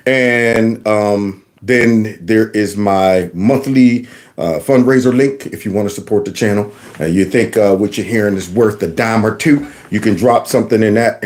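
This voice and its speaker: Animated folksy man ranting on camera. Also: lowish voice. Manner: animated, folksy, acts out voices. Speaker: channel host, former teacher. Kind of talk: casual ranting video commentary.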